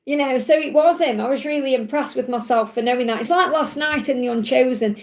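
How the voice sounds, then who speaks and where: Fast-talking chatty English woman. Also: high-pitched. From England. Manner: fast, chatty, rambling with many fillers. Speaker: livestream host. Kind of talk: casual live chat.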